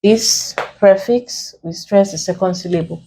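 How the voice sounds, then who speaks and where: A woman from Nigeria with a Nigerian English accent, teaching an online exam lesson and working through each answer step by step in a deliberate way. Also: medium pitch, dark tone, slight background noise.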